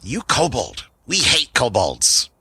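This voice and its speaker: A man voicing a small, excitable goblin who shouts in a shrill way. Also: takes it slowly, husky, heavily acted. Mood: frantic.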